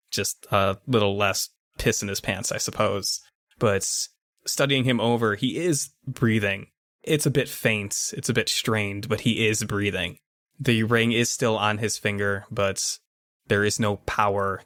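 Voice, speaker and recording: Low-voiced man running a tabletop game. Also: a bit bright, dry recording, clean studio sound. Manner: casual, descriptive, frames scenes like comic panels. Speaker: game master.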